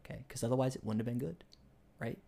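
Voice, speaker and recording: A young man co-hosting a casual podcast, retelling a book in a rambling way with many restarts and fillers, and growing excited when he argues ideas. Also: medium pitch, fast, vocal fry. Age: young adult. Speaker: podcast co-host.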